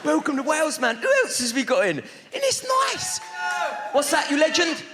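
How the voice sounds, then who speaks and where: Brash and mock-welcoming, a Londoner performing stand-up trades banter with the crowd in a big theatre. He talks fast in a very high-pitched voice. Heavy noise fills the echoey hall, with a loud audience and laughter.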